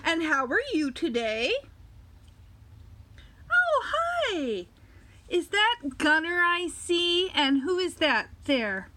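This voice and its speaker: A woman reading a picture book to young children, talking slowly and directly to them, recorded on a phone camera. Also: extremely high pitch, big pitch swings, bright, forceful tone, slight background noise. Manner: slow, sing-song, speaks directly to young children. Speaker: children's storyteller.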